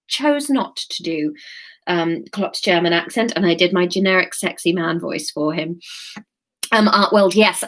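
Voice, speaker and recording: A woman's voice: lowish voice, fairly bright tone. A woman, an author chatting casually to viewers and reading her own novel aloud, rambling and self-mocking with many fillers. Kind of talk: casual livestream chat and book reading.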